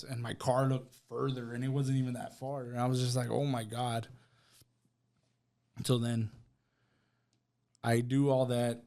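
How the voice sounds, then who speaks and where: A man's voice: medium pitch, darkish tone. Guy on a podcast telling his story, laid back, lots of "right?" and "bro". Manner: conversational, retells with quoted dialogue, fillers like "right?" and "bro". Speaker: podcast guest. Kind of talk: casual storytelling.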